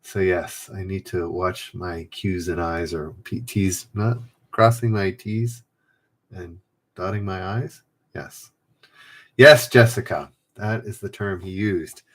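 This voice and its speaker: A man with a low voice hosts a trivia livestream from home. He reads out quiz clues and chats loosely with viewers, rambling and correcting himself as he goes. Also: slow pace, a bit bright. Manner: rambling, self-correcting, reads chat names aloud. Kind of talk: casual livestream chat, reading quiz clues. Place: home room.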